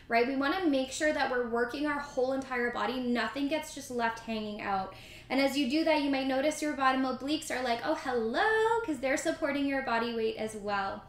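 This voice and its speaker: Woman pilates instructor, bright higher voice, encouraging cues, echoey room. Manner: encouraging, counts reps aloud, chatty asides. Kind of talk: guided workout instruction.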